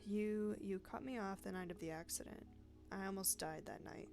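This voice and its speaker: A woman's voice: mid-range voice, steady tone, moderate pace, vocal fry, darkish tone, lightly acted. A woman reading the lines of a bitter, vengeful female newspaper sub-editor, cold, accusing and pedantic, over game music.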